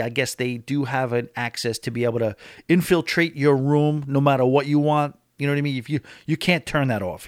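A man's voice: mid-range voice, no echo, studio quality. A man vlogging about a cruise in a casual, opinionated monologue, talking with emphasis.

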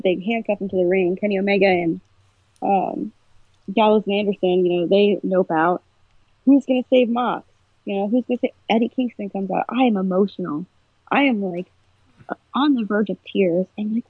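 Her husky, medium-pitched voice comes over a tinny phone-like line at a moderate pace, and the recording is dry. Casually chatting on a podcast, she tells a story with animation and feeling.

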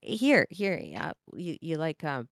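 Lady guest, lowish voice, jokey punny, dry sound, trips on words a bit. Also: big pitch swings, slow pace, no room sound. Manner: playful, punning, hesitant restarts. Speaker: guest singer and podcaster. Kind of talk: casual chat.

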